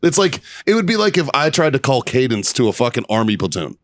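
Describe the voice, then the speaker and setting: A man in his thirties, a former Marine co-hosting a podcast, swearing freely and telling animated stories with bursts of laughter. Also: medium pitch, fast, dry recording. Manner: profane, animated storytelling with laughter. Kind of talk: casual profane banter and storytelling.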